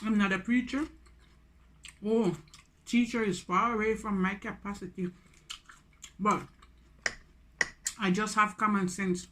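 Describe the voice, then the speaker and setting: A woman's voice: mid-range voice, fairly even intonation, unhurried, pauses often, fairly bright tone, a little hiss or hum. A Jamaican woman in her forties chatting casually on a mukbang vlog, slipping into Patois between English sentences. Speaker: food vlogger.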